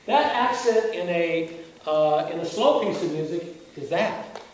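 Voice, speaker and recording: A man's voice: fairly high pitch, measured pace. A man, a wind band conductor, lecturing music teachers and firing off rhetorical questions with frequent chuckles. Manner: animated, asks many rhetorical questions; chuckles often. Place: lecture room at a teaching workshop. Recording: echoey room, heard from a distance, faint hiss.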